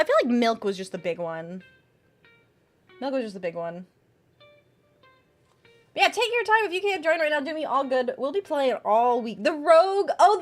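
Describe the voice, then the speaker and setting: A young woman streaming, chatting casually with viewers, reading chat aloud and swearing freely. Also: fairly high pitch. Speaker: VTuber streamer.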